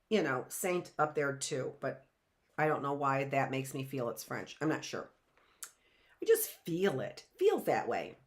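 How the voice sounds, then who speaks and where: A woman teaching a live online class, reading from a book and then wandering into chatty asides. Her voice sits a little low, and she keeps checking in with her listeners by asking "right?". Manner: chatty, thinks aloud, often asks "right?".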